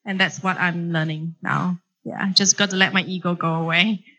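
A woman's voice: on the low side, fairly even intonation, normal speed, pushed and bright, poor audio. A woman on a live panel, talking reflectively and hesitantly, searching for words.

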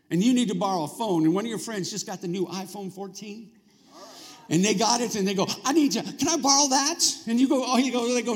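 A man's voice: sits high, husky. A male pastor preaching a sermon in a church, talking conversationally and prompting the congregation to answer back. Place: church sanctuary. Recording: long reverb of a large hall.

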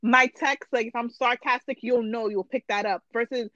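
A woman co-hosting a podcast in casual chat, slangy and animated, making long points. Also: fairly high pitch, normal speed, no echo, dull audio. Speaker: podcast co-host.

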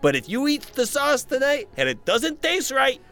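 Loud high shouting man, gravelly and animated. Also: moderate pace, faint music behind. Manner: loud exaggerated mobster shouting. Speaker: comedy podcast improviser. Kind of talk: improvised mob comedy bit.

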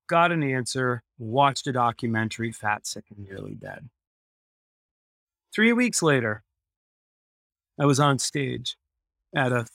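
A man's voice: mid-range voice, creaky, fairly bright tone, no echo, clean studio sound. A man, a podcast guest, telling a personal story in an earnest way and repeating phrases for emphasis.

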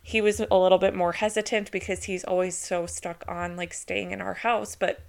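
A woman hosting her own podcast, telling a personal story in a chatty, excitable way with lots of casual fillers. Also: lowish voice, moderate pace, creaky. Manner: introverted by her own account. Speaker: podcast host.

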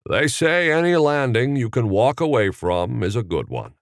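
Casting: a man doing a genial, stammering old-movie-star drawl, lively swoops, dry sound. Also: mid-range voice, moderate pace, no room sound, voice pushed up. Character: Jimmy Stewart impression, folksy stammering middle-aged man.

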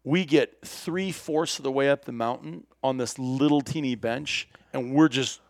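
A man telling a hunting story in lively, animated fashion, acting out the dialogue and laughing often. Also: medium pitch, a little slow, no room sound, studio quality.

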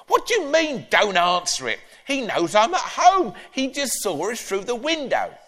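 A man doing a shrill, bossy old granny. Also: normal speed, full character voice. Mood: indignant. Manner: loud, shrill and animated. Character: cheeky old grandmother, brash and bossy. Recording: echoey live hall.

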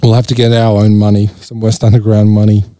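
A man's voice: on the low side, flat delivery, quick pace, mellow, dry recording, studio quality. A man co-hosting a podcast, joking in a laid-back way. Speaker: podcast co-host. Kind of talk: casual chat.

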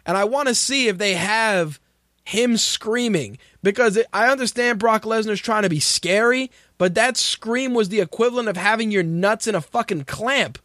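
A man's voice: high voice, normal speed, fairly bright tone, dry recording, studio quality. A man hosting a radio talk show, ranting in casual, profane commentary and sounding exasperated. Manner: ranting, exasperated, swears freely.

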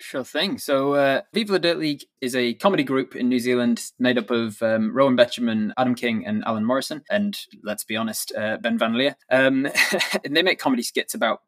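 A man, a dungeon master, talking as an interview guest in a relaxed, explanatory way with occasional chuckles. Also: medium pitch, brisk, no echo. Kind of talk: casual interview.

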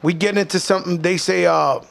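A man with a New York accent tells a story as a talk-show guest. His voice sits high for a man and has a gravelly rasp. His delivery is animated and slangy, with loose profanity. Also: brisk. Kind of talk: casual storytelling.

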